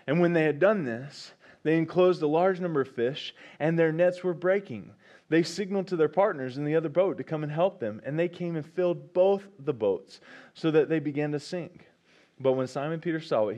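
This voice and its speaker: Man, pastor, sermon, repeats key lines, swings from quiet to loud. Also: fairly high pitch, brisk. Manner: preaching with rising excitement and repetition.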